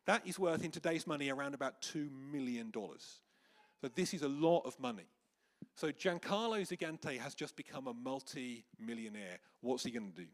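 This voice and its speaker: A man preaching a sermon in church, telling stories with animated quoted voices. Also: mid-range voice. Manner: anecdotal storytelling with lively acted quotes. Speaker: pastor. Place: church hall with congregation.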